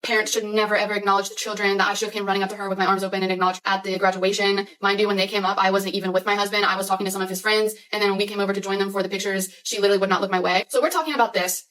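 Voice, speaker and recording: A young woman in her twenties telling a personal story in a rapid, anxious style, full of "like"s. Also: mid-range voice, flat delivery, fairly bright tone, distant mic, low-quality recording. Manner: fast, anxious retelling with many "like"s.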